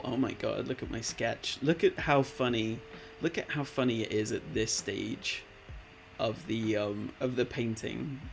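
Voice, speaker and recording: A man's voice: medium pitch, creaky, a little hiss or hum. A man in his late twenties streaming live, chatting casually and reading viewers' messages aloud in a laid-back, rambling way. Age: late 20s. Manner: laid-back, rambling, reads chat aloud, calls people man and bud. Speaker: Twitch streamer. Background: background music.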